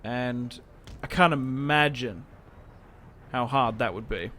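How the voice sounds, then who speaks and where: A man's voice: mid-range voice, takes it slowly, pushed and bright, a little hiss or hum. Chatty man narrating strategy gameplay. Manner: chatty, joking, self-interrupting. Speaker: gaming channel host. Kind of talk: casual gameplay commentary.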